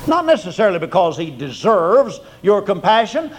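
An older preacher with a high, gravelly voice delivers a folksy sermon. He swings from loud, emphatic peaks down to hushed, low endings. He tells homespun stories from the pulpit. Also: expressive, normal speed, low-quality recording. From Oklahoma.

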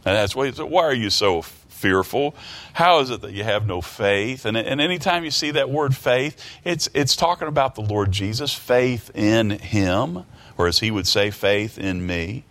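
A man's voice: mid-range voice, expressive, moderate pace, a bit bright. A man preaching a sermon, reading scripture aloud and asking the congregation rhetorical questions in a folksy way, often repeating words. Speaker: pastor.

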